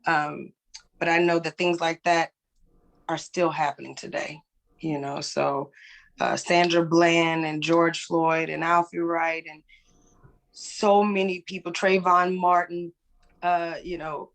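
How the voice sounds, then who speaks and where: A woman's voice: lowish voice, level tone, slow, gravelly. A woman speaking as a guest in a candid conversation, earnest and emphatic, often checking in with "right?". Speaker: guest, musician.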